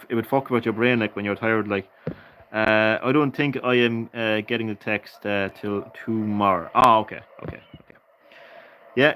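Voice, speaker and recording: A man's voice: mid-range voice, a bit bright, poor audio. Man, gaming live streamer, tired, chatty, laughs a lot, casual swearing, faint hiss behind. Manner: laughs often, swears, chats with viewers.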